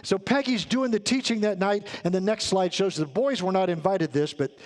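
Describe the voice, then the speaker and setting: A man's voice: high voice, normal speed. A man preaching a sermon as a pastor in church, telling a story earnestly and building to emphatic peaks. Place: church sanctuary.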